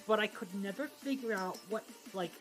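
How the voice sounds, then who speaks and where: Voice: medium pitch, normal speed, music in the background. A streamer in casual livestream chat, rambling and cutting himself off mid-sentence. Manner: rambling, self-interrupting.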